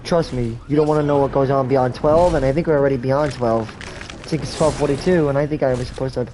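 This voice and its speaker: A man's voice: mid-range voice, fairly even intonation, fast talker, background noise. A man giving casual, rambling game commentary on a livestream, full of crude jokes.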